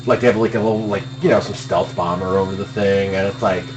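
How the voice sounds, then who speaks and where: A man's voice: low voice, fairly even intonation, fast talker, muffled recording, over music. A young man chatting casually while playing a game, laid-back and rambling. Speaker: speedrun streamer. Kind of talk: casual chat during gameplay. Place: home room at a computer.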